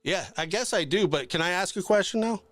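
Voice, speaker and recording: A man's voice: high voice, expressive, brisk, fairly bright tone, no echo, studio quality. A man arguing on a live stream, needling and sarcastic, cutting in again and again. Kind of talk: heated argument on a live stream.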